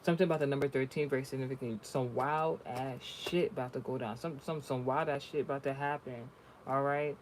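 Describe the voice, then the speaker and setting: A man's voice: medium pitch, steady tone, a little fast, a little hiss or hum. A man giving a spiritual reading in casual chat, talking bluntly and swearing freely as he tells stories. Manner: profane, blunt, storytelling. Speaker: spiritual reader.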